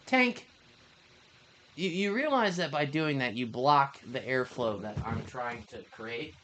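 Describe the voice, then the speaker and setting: A man streaming his game run, his speech swinging up and down a lot as he rambles. His voice is bright and sharp, and he swears freely, drifts off topic and chats to his cat. Faint room noise sits under him. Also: medium pitch, lively intonation, unhurried. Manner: loose, profane, rambling, talks to his cat between plays. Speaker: gaming streamer. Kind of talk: casual live-stream chat while playing.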